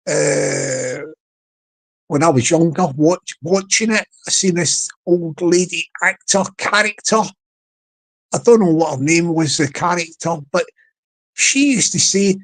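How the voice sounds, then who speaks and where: A man's voice: sits high, poor audio. A man hosting a casual livestream, rambling with many restarts and repeated words and chuckling often. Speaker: livestream host.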